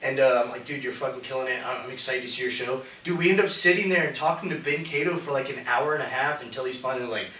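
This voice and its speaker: Podcast co-host, male, bright, loose, profane storyteller; roomy room, off-mic, faint hiss. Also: medium pitch, fast, hardly any pauses, recorded from a distance. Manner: rambling, profane, says "dude" constantly. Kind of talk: casual storytelling chat.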